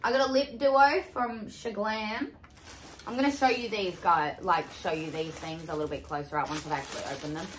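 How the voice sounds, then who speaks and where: A young woman in her twenties chatting casually through a haul unboxing, excitable, exclaiming and swearing freely. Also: mid-range voice, a little fast. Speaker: vlogger. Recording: echoey room with faint hiss.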